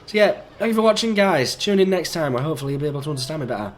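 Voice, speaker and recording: A young man, croaky and under the weather, chatting in a rambling, easygoing way while playing a game. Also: fairly high pitch, lively intonation, very fast, a little hiss or hum. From England. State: croaky, sick voice. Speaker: gaming YouTuber. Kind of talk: rambling let's-play commentary.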